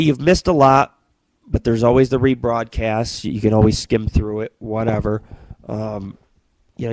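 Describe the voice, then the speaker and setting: A man's voice: medium pitch, a little mellow, dry recording, low-quality recording. A man hosting his own radio show, telling stories and jokes in a profane, rambling, boastful monologue.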